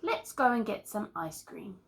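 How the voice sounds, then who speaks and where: A woman's voice: mid-range voice, animated, a little slow, gravelly, fairly bright tone. A woman reading a picture book aloud and voicing Edith, a patient, sensible companion with a reassuring way of speaking. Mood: gentle.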